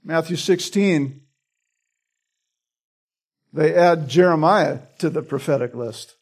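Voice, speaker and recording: A man with a high voice teaches a passage of scripture verse by verse. He talks in an easy conversational sermon style, restarting phrases and often checking in with a quick "right?". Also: a little mellow, husky. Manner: repeats words while teaching, asks "right?". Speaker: pastor. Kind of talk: expository Bible teaching.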